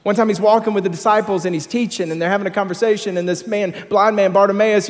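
Male pastor, sermon, somewhat high voice, animated storytelling, repeats words, echoing sanctuary. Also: fast, few pauses. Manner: animated storytelling, rising in pitch and volume at climaxes, repeats words. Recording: long reverb of a large hall.

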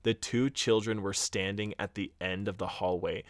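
A man's voice: fairly low pitch, steady tone, normal speed, no room sound, studio quality. A man casually retelling a scary story on a podcast, acting out the quotes and swearing now and then. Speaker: podcast co-host.

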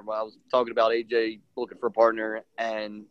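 Speaking fairly quickly with few pauses, the middle-aged pro wrestler has a lowish, clear, resonant voice as he animatedly acts out quotes and uses many fillers while telling a story in a casual interview. The audio is dry, dull and lo-fi.

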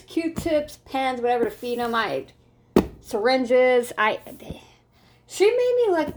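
A woman talking casually to her viewers in a rambling, excitable way, restarting sentences often. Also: a little high. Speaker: vlogger. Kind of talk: casual talk to camera.

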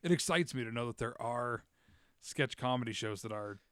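A man hosting a podcast in casual chat, talking fast with frequent stammers and restarts. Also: medium pitch, lively intonation, a bit bright, no room sound, studio quality. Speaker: podcast host.

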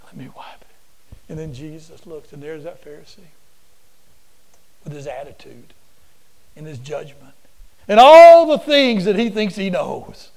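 A man preaching a sermon to a class in a folksy, animated storytelling way, often repeating himself. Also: high-pitched, unhurried, long pauses, poor audio. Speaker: preacher and teacher.

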